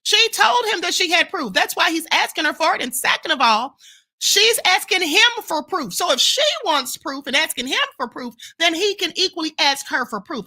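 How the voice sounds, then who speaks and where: A woman's voice: very high voice, pushed and bright. A woman hosting a live-stream commentary show, answering viewer comments in an emphatic, lecturing way and often ending points with "okay?" and "ma'am".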